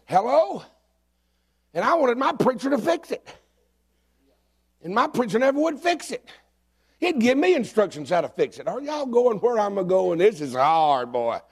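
A pastor in middle age preaching with a high, ringing voice. He swings between shouted, climbing calls and quiet, confessional asides to his church. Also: very animated, normal speed, pauses often, breathy edge. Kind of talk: sermon.

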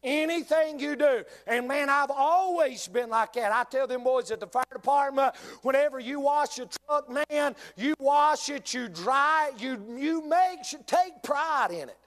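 A man's voice: extremely high pitch, unhurried, hardly any pauses, a bit bright. A male pastor with a North Carolina Southern accent, preaching a sermon and speaking straight to his congregation, repeating key lines for emphasis.

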